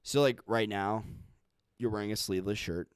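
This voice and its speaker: A young man hosting a podcast, chatting casually with deadpan mock bragging and swearing. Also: on the low side, moderate pace, clear, resonant tone, dry recording, studio quality. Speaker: podcast host. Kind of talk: casual chat.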